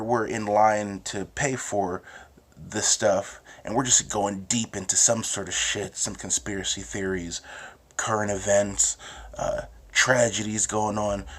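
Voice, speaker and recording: A young man with a New Jersey accent talks in a loose, meandering monologue, cursing freely and circling back on himself. His voice sits somewhat low. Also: a bit bright. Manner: rambling, restarts, profane. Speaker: host. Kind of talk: casual monologue with frequent swearing.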